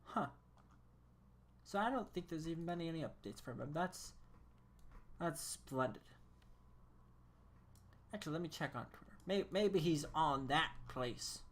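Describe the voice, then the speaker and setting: A woman with a low-pitched voice chats casually while live-streaming a game. She rambles and sounds incredulous, laughing often between her thoughts. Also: expressive, unhurried, long pauses.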